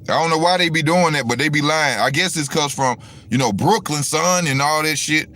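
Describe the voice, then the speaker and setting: A man's voice: on the high side, normal speed, pushed and bright. A man hosting a casual boxing talk stream, rambling and swearing as he talks straight to his viewers. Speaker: boxing commentary host. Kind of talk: casual livestream rant.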